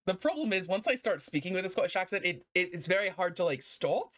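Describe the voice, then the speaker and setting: A woman's voice: on the low side, sing-song, fast, a bit bright. A woman streamer in casual let's-play commentary, rambling and self-deprecating and laughing often.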